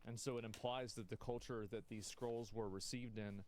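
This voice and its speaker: A man's voice: mid-range voice, fairly even intonation, moderate pace, a little mellow, a little hiss or hum. A man chatting casually, explaining an aside while a video plays. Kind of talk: casual commentary over a video.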